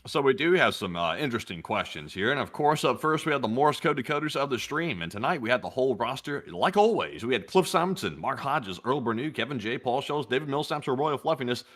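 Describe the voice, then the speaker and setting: A man co-hosting a news stream, reading out viewer questions and chatting in a relaxed, chuckling, rambling way. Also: medium pitch, a little fast, hardly any pauses. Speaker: co-host reading chat questions. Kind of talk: casual joking chat with co-host.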